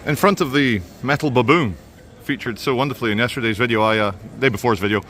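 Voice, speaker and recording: A vlogger host walks city streets and a mall with a handheld phone, rambling casually in a fast, medium-pitched, slightly bright male voice and tossing in sardonic asides. There's a little background noise.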